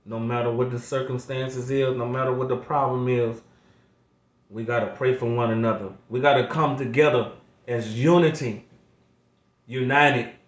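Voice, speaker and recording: A middle-aged man, a grandfather, speaking slowly and emotionally, repeating himself like a preacher as he talks to his viewers, close to tears. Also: mid-range voice, steady tone, echoey room, dull audio. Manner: slow, repetitive, preacher-like appeals. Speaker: vlogger. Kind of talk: emotional heartfelt monologue.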